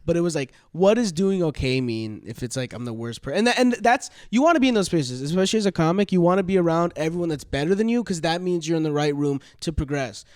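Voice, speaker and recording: A man's voice: on the high side, animated, dry recording, studio quality. A young man co-hosting a casual comedy podcast, loose and profane, reassuring his friend. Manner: loose, profane, reassuring, with quick voiced asides. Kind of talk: casual chat.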